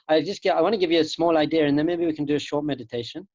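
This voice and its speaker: A man's voice: fairly high pitch, quick pace, a little mellow, no room sound. A man, a rabbi teaching students in an earnest, emphatic spiritual talk, often repeating his key phrases, heard over a video call. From England. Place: home room in Jerusalem. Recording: dull lo-fi online call audio.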